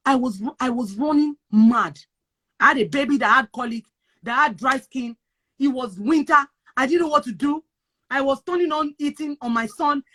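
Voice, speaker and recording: A Nigerian woman with a high-pitched voice talks in casual chat. She is emphatic and repetitive, hammering her points home like a preacher. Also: a bit bright. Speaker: guest sharing advice on moving abroad.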